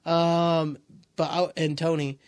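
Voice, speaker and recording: A young man co-hosting a podcast as a guest comedian, chatting in a crude, playful and excitable way. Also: fairly high pitch, slow, clear, resonant tone. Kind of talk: casual chat. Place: podcast studio.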